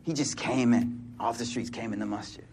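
A man's voice: medium pitch, steady tone, normal speed, noisy background. A man in his forties preaching a sermon in casual street slang, telling stories and acting out the people in them. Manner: casual street slang, storytelling with quoted voices.

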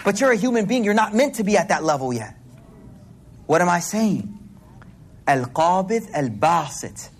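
High, husky-voiced man giving a slangy sermon. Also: moderate pace, long pauses. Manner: animated, slangy, storytelling. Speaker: preacher. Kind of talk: casual sermon.

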